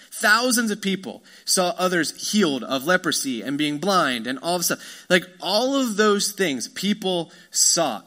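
A man preaching with a bright, forceful tone that sits a little high. He moves between loose, chatty stories and passages of scripture read aloud. Middle-aged, with an easy pastor's manner. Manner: casual storytelling, reads scripture aloud. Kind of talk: sermon.

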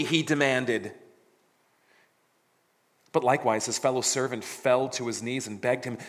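Man, pastor, sermon, dramatic jokey scripture reading, mid pitch, long hall reverb. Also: normal speed, long pauses, a bit bright.

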